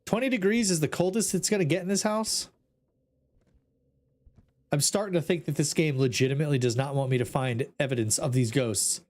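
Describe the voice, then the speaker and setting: A man's voice: a little high, fairly quick, darkish tone. A man streaming a ghost-hunting game, talking to his chat in an exasperated, joking way. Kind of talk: casual gameplay commentary.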